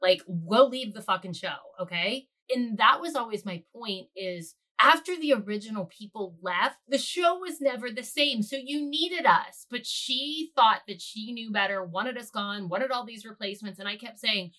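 Podcast cohost, middle-aged woman, bright forceful voice, retells drama with lots of laughs. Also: fairly high pitch, normal speed, hardly any pauses. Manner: animated, acts out her own past lines, laughs often. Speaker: podcast co-host. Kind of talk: casual chat, retelling a story.

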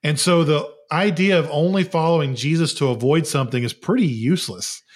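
A man's voice: fairly high pitch, a little fast. A man in his thirties co-hosting a casual faith podcast, conversational and joking. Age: 30s. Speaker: podcast co-host.

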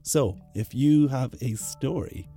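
A man hosting a podcast, reading an outro in a relaxed, plain manner. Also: mid-range voice, slow pace, faint music behind. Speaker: podcast host.

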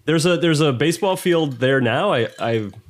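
A man co-hosting a casual podcast, joking around and quick to laugh. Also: fairly high pitch, lively intonation. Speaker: podcast co-host. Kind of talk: casual chat.

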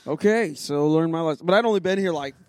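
A church musician with a fairly high voice talks fast and a bit mellow on a podcast, chatting upbeat and scattered as he hops from topic to topic. He's recorded in a sound booth in a church sanctuary, with studio-quality audio and no room sound.

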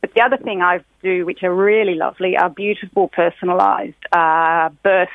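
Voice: mid-range voice, steady tone, moderate pace, gravelly, no room sound. This is a middle-aged speaker, chatting cheerfully as an interview guest. The voice sits in an ordinary middle range. It comes over a tinny phone line, dry and narrow. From Australia. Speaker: guest, graphic designer.

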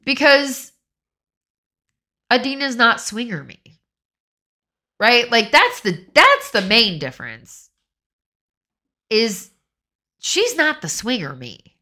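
A woman's voice: fairly high pitch, slow pace, pauses often. A woman co-hosting a podcast, talking in a frank, profane, casual way and acting out how she would reply to people. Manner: blunt, profane, animated, acts out quoted voices. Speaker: podcast co-host.

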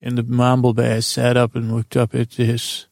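A man's voice: mid-range voice, completely flat delivery, normal speed, creaky, a little mellow, no echo, studio quality. A man telling an improvised bedtime story to children, meandering along with restarts. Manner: meandering, with many fillers and restarts.

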